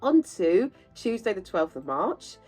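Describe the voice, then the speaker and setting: A woman's voice: mid-range voice, a little slow, soft background music, rough recording. Chatty woman hosting film news. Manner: chatty, animated and opinionated, with asides. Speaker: movie news host. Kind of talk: casual film news roundup.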